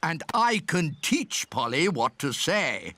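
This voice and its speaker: A man's voice: a little high, big pitch swings, slow pace, pushed and bright, full character voice. An actor voicing a hearty old grandfather pig in a cartoon.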